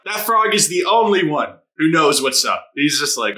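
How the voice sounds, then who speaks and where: Here a man with a voice on the high side reacts casually to anime. He gets excited, laughs often, swears a lot, and does rapid mock voices for the characters.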